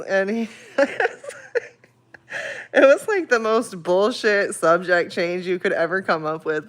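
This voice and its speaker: A woman's voice: low voice, fairly bright tone. A woman hosting a livestream in casual chat, swearing freely and laughing often as she tells an emotional story. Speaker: livestream host.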